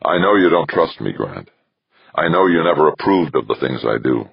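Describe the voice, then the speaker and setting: A man's voice: rumbling low, big pitch swings, moderate pace, vocal fry, husky, dry recording, heavily acted. A man voicing a sly, blunt older male smuggler, slangy and knowing. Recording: dull lo-fi recording.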